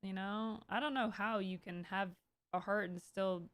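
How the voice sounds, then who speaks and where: A woman in her thirties streaming live, talking casually in a rambling, animated way with many restarts and bursts of exasperation. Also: medium pitch, moderate pace, no room sound. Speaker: Twitch streamer hosting her own stream. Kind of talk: casual livestream commentary.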